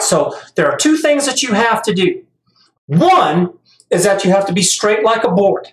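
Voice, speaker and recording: A middle-aged man talking casually and at length, stumbling over repeated words and growing emphatic as he rants. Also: fairly high pitch. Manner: rambling, repeats words on restarts; gets emphatic and ranting. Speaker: vlogger. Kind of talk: casual monologue. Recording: echoey room.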